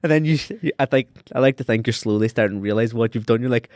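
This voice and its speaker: A man with an Irish accent co-hosting a podcast, spinning an improvised story with lots of swearing, laughter and quick put-on voices for the characters. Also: a little mellow, dry recording, studio quality. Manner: swearing, laughing, acting out quotes in high silly voices. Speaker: podcast co-host. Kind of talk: casual chat, improvised storytelling.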